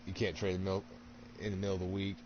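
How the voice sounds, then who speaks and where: A man chatting casually while gaming, animated and profane, laughing often. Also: low-pitched, racing, dull audio, background noise.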